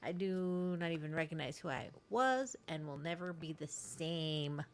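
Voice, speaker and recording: A woman's voice: low voice, measured pace, a little hiss or hum. A woman co-hosting a casual podcast, chatting and reading viewer comments aloud. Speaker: podcast co-host.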